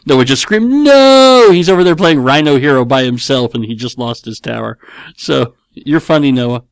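A middle-aged man chatting casually at home as a podcast host, working through listener questions. He rambles, restarts and corrects himself in an easygoing, joking way. His voice sits at an ordinary pitch for a man, recorded close and dry with no room echo. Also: moderate pace, vocal fry. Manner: rambling, self-correcting, playful. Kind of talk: casual chat. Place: at home with his kids nearby.

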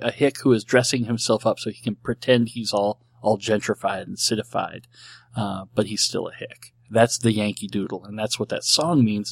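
A man's voice: on the low side, creaky, dry recording. A middle-aged man hosting a podcast, talking casually and rambling with amused asides and voiced quotes. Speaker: podcast host. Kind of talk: casual solo podcast monologue.

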